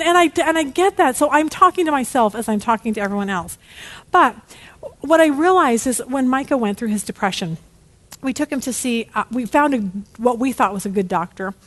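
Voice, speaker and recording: Animated middle-aged woman teaching Bible study. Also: a little high. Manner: candid and animated, peppered with "okay?". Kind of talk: casual teaching talk.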